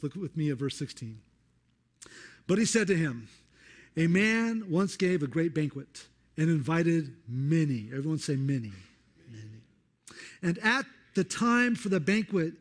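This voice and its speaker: A man preaching a sermon, conversational and animated, acting out the quotes of the people in his Bible passage. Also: a little high. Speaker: pastor.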